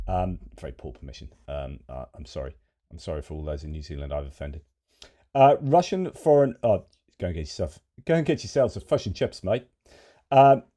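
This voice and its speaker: A man's voice: fairly low pitch, dark tone. A man giving casual video commentary as a military news commentator, chatty and digressive with frequent fillers.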